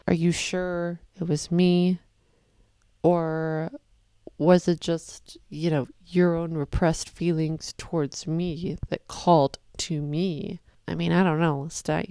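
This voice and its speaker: Woman reaction host, crisp voice, dry sound, talks through her feelings loosely. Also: low voice, dry recording. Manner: expressive and swearing, rambling. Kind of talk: casual emotional reaction commentary.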